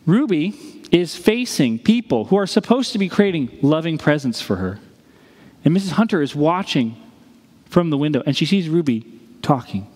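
A man preaching a sermon as a pastor, telling a story with dramatic pauses. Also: fairly high pitch, big pitch swings, a little mellow, husky, in a large hall.

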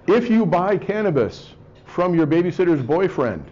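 A man giving a wry, joking lecture to a live audience, often clearing his throat. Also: high voice, sing-song, moderate pace, a little mellow. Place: room with an audience. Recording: slightly dull lo-fi recording.

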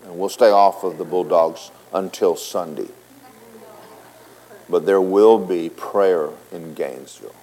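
A man preaching a sermon as a pastor, with an animated, joking way of talking. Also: sits low, measured pace, poor audio.

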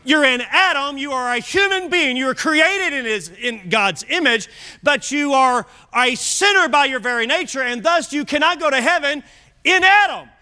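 A man's voice: very high voice, lively intonation, moderate pace, sharp tone. A man preaching an evening sermon as pastor, emphatic and repeating key phrases. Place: church service.

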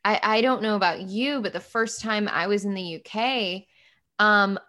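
A young American woman hosting a podcast, telling stories in an animated way with frequent laughs. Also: medium pitch, normal speed. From United States. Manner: animated storyteller, laughs often, acts out quotes. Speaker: podcast host. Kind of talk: casual interview chat.

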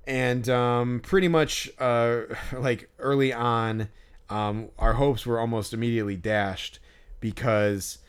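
A man's voice: mid-range voice, steady tone, slow pace, clean tone. A man co-hosting a podcast who tells a story in casual chat, rambling with many fillers and swearing freely. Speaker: podcast co-host.

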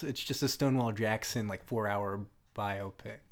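A man co-hosting a casual movie podcast, rambling and animated, laughing often as he talks. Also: medium pitch, moderate pace. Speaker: podcast co-host. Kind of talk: casual chat about bad movies.

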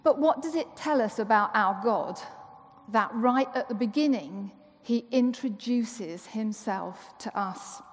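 On the high side and slow, a woman's voice carries through a church hall with long reverb, along with a little hiss or hum. She is a church member giving a conversational sermon, playful and chatty, with rhetorical questions for the congregation.

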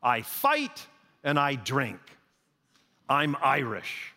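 A man voicing a hot-tempered young male carpenter who talks loud, blunt and boastful. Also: mid-range voice, huge pitch swings, extremely slow, long reverb tail, heavily acted.

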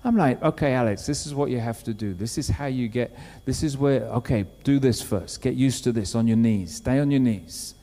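A man preaching a sermon, telling a story with lively acted-out quotes. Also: medium pitch, normal speed, hardly any pauses. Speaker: pastor. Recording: long hall reverb.

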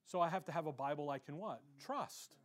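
A man's voice: a little high, lively intonation, a little fast. A male pastor preaching a sermon in a conversational way, acting out the voices of the people he quotes.

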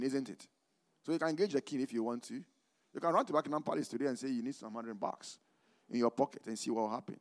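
A man from Ghana preaching a sermon as a pastor, calling for the congregation to finish his phrases and moving between loud proclamation and quiet asides. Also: lively intonation, fast talker. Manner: call-and-response preaching, asking "what?" for the congregation to finish; swings between loud emphatic proclaiming and low conversational asides.

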